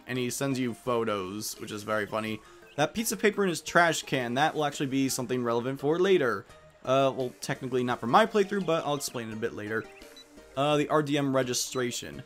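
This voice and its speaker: A man's voice: mid-range voice, expressive, a little fast, fairly bright tone, faint music behind. A man hosting a let's play, who chats casually, jokes about the game and reads its text aloud. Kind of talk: gameplay commentary.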